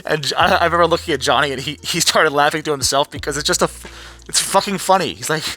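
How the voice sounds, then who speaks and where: Tired, sarcastic male vlogger, bright and somewhat high, swears a lot. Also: fast. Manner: blunt, sarcastic, swears freely. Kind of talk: casual profane rant.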